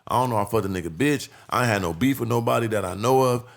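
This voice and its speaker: A man telling a long street story on a casual podcast, animated and profane. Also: mid-range voice, fast, creaky. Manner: profane, animated, acts out voices in his stories. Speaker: podcast guest.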